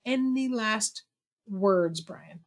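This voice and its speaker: Woman webinar host on a video call, middle-pitched, chatty and self-deprecating. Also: extremely slow. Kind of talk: conversational webinar talk.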